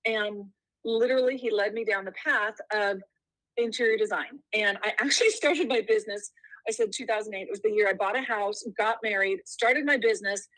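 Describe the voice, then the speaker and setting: A woman's voice: medium pitch, brisk, fairly bright tone, no room sound, poor audio. A woman interior designer speaking as a podcast guest in a gracious, conversational way.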